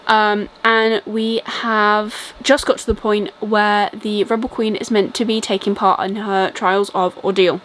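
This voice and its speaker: A woman's voice: medium pitch, flat delivery, a little slow, few pauses, fairly bright tone, slight background noise, low-quality recording. A young British woman with a British accent chatting casually through a reading update, rambling with lots of ums and likes. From Britain. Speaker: book vlogger.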